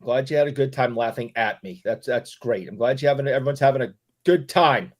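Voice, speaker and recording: A man's voice: mid-range voice, fairly quick. A man co-hosting a live stream, teasing back with dry, mock-offended remarks in casual chat. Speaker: co-host.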